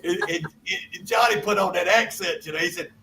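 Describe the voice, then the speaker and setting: A man's voice: high voice, brisk, bright, forceful tone, a little hiss or hum. Folksy older man, distant mic. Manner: folksy, rambling anecdotes with repeated asides. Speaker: guest songwriter. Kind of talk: casual storytelling interview.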